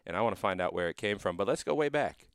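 A man's voice: fairly low pitch, expressive, quick pace, clear, resonant tone, no echo. A man hosting a radio interview show, presenting in an earnest, folksy, upbeat way.

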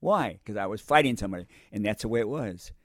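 A man's voice: lowish voice, lively intonation, fast talker, dry recording, studio quality. An older man, a Marine veteran, telling his war memories in an interview, rambling and repeating himself, acting out what people said. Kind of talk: oral history interview, storytelling.

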